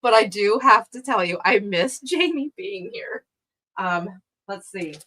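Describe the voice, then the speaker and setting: A woman's voice: medium pitch, very animated, unhurried, pushed and bright, rough recording. A middle-aged woman hosting a live online craft sale from her craft room, chatting casually, exclaiming over items and laughing often. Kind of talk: casual live-stream selling chat.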